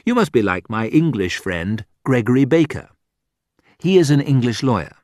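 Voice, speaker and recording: A man reading a graded reader aloud as scripted narration, slow and deliberate, with a wide sing-song lilt. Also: medium pitch, sing-song, darkish tone, no echo, studio quality. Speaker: audiobook narrator.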